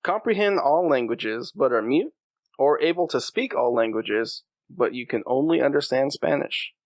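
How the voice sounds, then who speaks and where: A man's voice: medium pitch, lively intonation, moderate pace, dry recording. A man co-hosting a casual podcast, reading out questions and playfully arguing for his picks.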